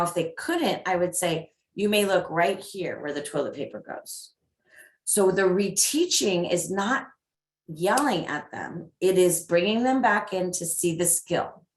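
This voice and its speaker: Woman, middle-aged, parenting coach, upbeat, animated, echoey room. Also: fairly low pitch. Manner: upbeat, animated with lots of acted examples. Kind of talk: parenting talk.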